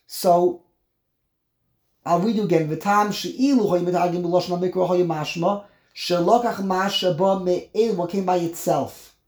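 A man teaching a text study class, explaining word by word, animated and emphatic, often repeating himself. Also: high voice, reverberant. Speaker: Torah teacher.

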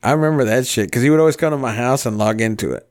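A man in his thirties on a casual podcast, swearing freely as he rambles through a story. His voice sits at an ordinary middle pitch and he talks in a loose, chatty way. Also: very fast, a little mellow. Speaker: podcast host.

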